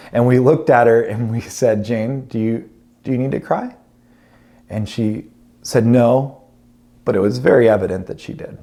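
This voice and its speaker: A man's voice: medium pitch, dark tone. A man in his thirties, a pastor telling a family story in a sermon with humorous, self-deprecating asides.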